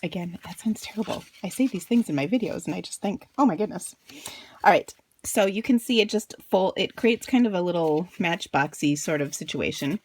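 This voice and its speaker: A woman's voice: lowish voice, animated, a little fast, darkish tone. A woman hosting a casual craft tutorial, chatty and bubbly, with playful self-deprecating asides. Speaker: crafting channel host.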